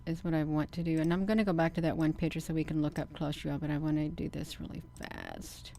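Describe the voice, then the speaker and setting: Low-voiced woman, emphatic and animated. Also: quick pace, gravelly, a little hiss or hum. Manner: animated, repeatedly addresses viewers as "you all"; insistent, emphatic bursts. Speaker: channel host. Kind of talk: casual live commentary over camera footage.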